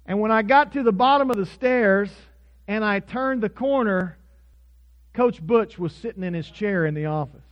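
A man's voice: high voice, normal speed. A man from Oklahoma who is a pastor, preaching a sermon earnestly, telling stories and leading prayer, in a dull lo-fi recording.

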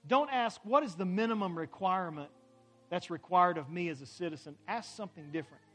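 A man preaching a sermon as a pastor, building emphatically to loud climaxes and having the congregation repeat phrases. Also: sits high, brisk, faint music behind. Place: church sanctuary.

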